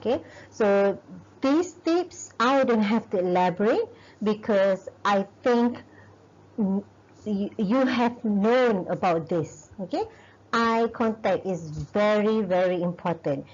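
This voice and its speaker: A woman's voice: mid-range voice, takes it slowly, a little mellow. A woman lecturer with a Malaysian English accent, explaining step by step in a recorded video lesson and often checking in with "okay?". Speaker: university lecturer. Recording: dull lo-fi recording.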